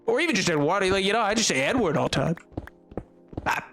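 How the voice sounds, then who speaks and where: A man with a noticeably high voice rambles and jokes as he chats with his viewers during a gaming livestream. Faint music plays quietly behind him. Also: expressive, fast talker. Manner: rambling, joking, chatting with viewers. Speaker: streamer. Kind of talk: casual livestream chat while gaming.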